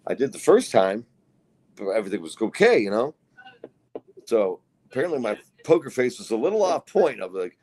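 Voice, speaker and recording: A middle-aged man chatting on a podcast, his low voice rising and falling widely as he acts out the people in his story. He swears freely and tells it loosely, like a bar tale. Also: very animated, brisk, darkish tone. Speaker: podcast co-host. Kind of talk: casual podcast chat.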